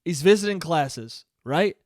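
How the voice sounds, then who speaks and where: A man with a high voice rants his way through a comedic solo podcast story, full of swearing and asides. He talks right into a close mic, and the sound is completely dry. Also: animated, measured pace, darkish tone, no room sound. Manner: profane, ranting storyteller. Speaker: podcast host.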